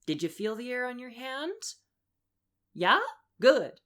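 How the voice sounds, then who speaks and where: A young woman voice coach leading a lesson, upbeat and encouraging as she walks through breathing and vocal warm-ups. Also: fairly high pitch, sing-song, slow pace. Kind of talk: instructional voice lesson.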